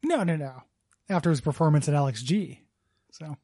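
A man's voice: fairly high pitch, expressive, mellow, dry recording, clean studio sound. Playful male podcast host. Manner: playful, quick, laughing along. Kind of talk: improvised comedy banter.

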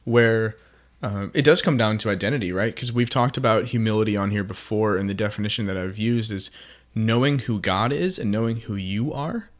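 A man co-hosting a faith podcast, chatting in a relaxed, agreeable way. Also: fairly low pitch, a little fast. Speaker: podcast co-host. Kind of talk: casual faith podcast chat.

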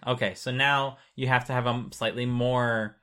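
A man's voice: medium pitch, steady tone, moderate pace, pushed and bright, clear, resonant tone. A man casually explaining how data is sent over cables, patient and chatty, with many fillers.

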